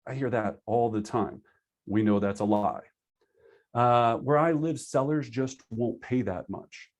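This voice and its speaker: A man teaching a live online class for real estate agents over a video call, energetic and conversational, acting out his students' excuses. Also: medium pitch. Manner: acts out agents' excuses in quick asides. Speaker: real estate sales trainer.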